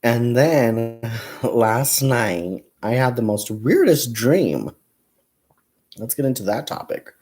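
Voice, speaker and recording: A young man chats through a crafting livestream while he crochets, his pitch rising and falling with lively swings. He rambles, laughs often, and counts stitches aloud. He speaks to the viewers as "you guys" and "y'all". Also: slow, faint music behind. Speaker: crafting channel host.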